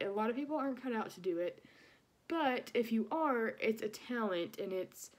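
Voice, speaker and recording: A young woman answering application questions on video in an earnest, nervous way, out of breath as she talks. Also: medium pitch. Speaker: teaching program applicant.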